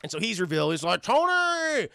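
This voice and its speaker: A man giving a casual, animated scene-by-scene film recap to his live chat, swearing freely and tossing in quick acted-out lines amid plenty of fillers. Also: high voice, creaky, no echo, studio quality. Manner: many fillers and restarts. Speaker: film reviewer streaming live. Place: home streaming setup.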